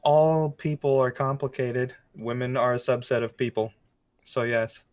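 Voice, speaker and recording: A young man with a mid-pitched voice answers a rapid round of questions. His replies are dry and witty. The talk is a relaxed chat between friends. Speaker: podcast co-host. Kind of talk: casual chat, quick-fire answers.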